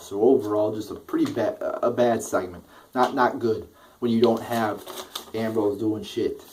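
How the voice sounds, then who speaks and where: A man's voice: on the low side, darkish tone, far from the mic, a little hiss or hum, low-quality recording. A young man ranting through a wrestling show review, exasperated, swearing constantly and repeating himself.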